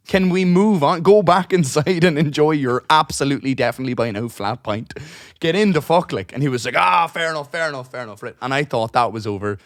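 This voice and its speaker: A man's voice: on the high side, no echo. Guy rambling thru a pub story, swearing, doing everyone's lines, dry close sound. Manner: rambling, swears a lot, acts out dialogue; restarts and trails off while telling stories. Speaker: podcast co-host. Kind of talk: casual chat, long anecdote.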